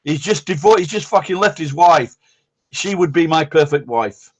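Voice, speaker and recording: A man's voice: a little high, expressive, normal speed. A man, hosting a casual live-stream chat, rambling, blunt and swearing constantly. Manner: rambling, blunt and heavily profane.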